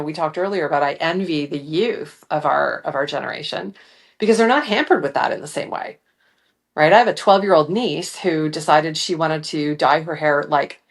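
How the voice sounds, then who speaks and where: A middle-aged woman talking as an interview guest, reflective and earnest, with frequent "you know" fillers. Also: deep voice. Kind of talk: casual interview chat.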